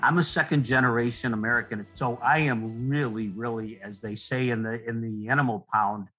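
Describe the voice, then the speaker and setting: A middle-aged man, a guest poet, talking in a rambling, earnest way, with many restarts and soft laughs. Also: medium pitch, steady tone, moderate pace, soft background music, rough recording. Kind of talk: relaxed conversational interview.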